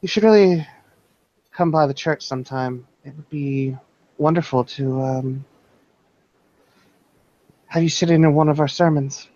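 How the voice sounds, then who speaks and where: A man voicing a sweet-voiced, quietly menacing vampire woman who leads a church, with honeyed, polite threats. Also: on the high side, unhurried, pauses often, no echo, highs cut off, voice pushed up, natural voice. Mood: sweetly menacing.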